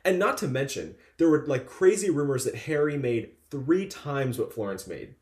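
Animated young man gossiping, lively voice. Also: medium pitch, normal speed, roomy sound. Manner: animated gossiping, acts out quotes. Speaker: podcast co-host. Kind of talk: casual chat.

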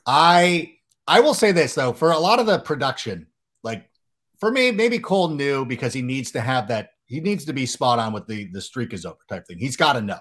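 Animated, jokey podcast host, man. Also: mid-range voice, moderate pace. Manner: animated, jokey storytelling with acted-out quotes. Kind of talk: casual podcast conversation.

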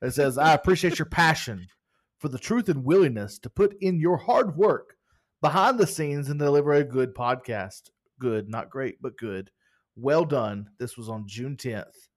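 A man's voice: medium pitch, lively intonation, moderate pace. A man co-hosting a casual podcast, playful and joking as he reads reviews. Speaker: podcast co-host.

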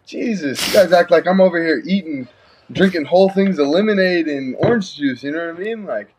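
Husky-voiced young man. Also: on the high side, fairly quick, a little mellow. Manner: laid-back, slangy, laughing. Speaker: pro fighter. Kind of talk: casual chat.

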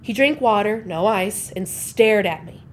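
A woman's voice: mid-range voice, measured pace, a little hiss or hum. A woman performing a comic monologue, telling her story in a wry, sarcastic way.

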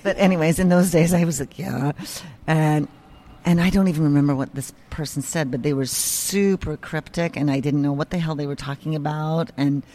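A woman guest in an interview, telling a story in a casual, animated way, swearing freely and acting out the voices of people she quotes. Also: sits low, normal speed.

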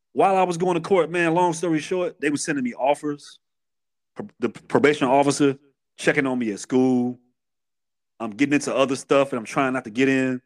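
Streetwise Chicago man telling his story. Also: medium pitch. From Chicago, USA. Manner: streetwise, animated retelling with repeated restarts. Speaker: podcast guest. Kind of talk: candid storytelling interview.

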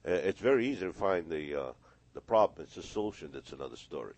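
A man's voice: low voice, animated, quick pace, a little mellow. A man, a hypnotist guest on a radio interview, telling stories and acting out the voices in them. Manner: storytelling, acts out quoted voices. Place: radio studio.

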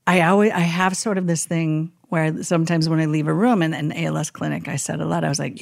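Chaplain lady w a low gravelly voice, dry close sound, tells stories all animated. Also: fast, few pauses, dry recording. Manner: animated storyteller who acts out quoted people. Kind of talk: casual podcast interview.

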